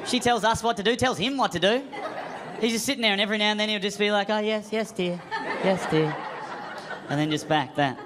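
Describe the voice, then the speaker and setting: High-voiced Australian comic, roaring crowd. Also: male voice, quick pace. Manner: self-deprecating storytelling, shouting punchlines. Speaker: stand-up comedian. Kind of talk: stand-up comedy set. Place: comedy club stage. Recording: live club recording, crowd noise. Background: laughing audience.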